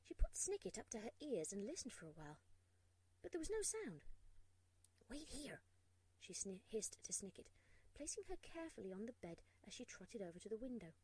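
A woman narrating a storybook aloud, expressive and hushed in tense moments. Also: medium pitch, fairly quick, husky, dry recording, rough recording.

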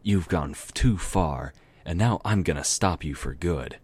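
A man's voice: sits low, measured pace, darkish tone, breathy edge. A man voicing a defiant, snarky pink pony mare in a storybook reading.

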